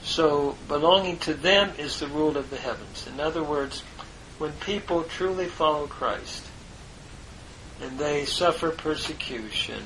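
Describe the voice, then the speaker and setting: A man teaching a verse-by-verse Greek lesson, parsing each word in a deliberate, halting way with many fillers. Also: medium pitch, a bit bright, a little hiss or hum, low-quality recording. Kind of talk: slow parsing of a biblical text.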